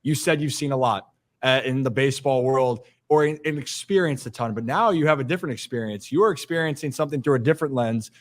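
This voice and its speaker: A man's voice: mid-range voice, quick pace. A man hosting an interview show, asking long, winding questions in a casual way. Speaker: show host.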